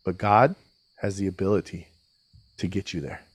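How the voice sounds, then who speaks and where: A man's voice: low-pitched, moderate pace, husky, dry recording. A man as a podcast guest, telling homely stories as analogies in a casual faith conversation. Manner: animated storyteller with homely analogies.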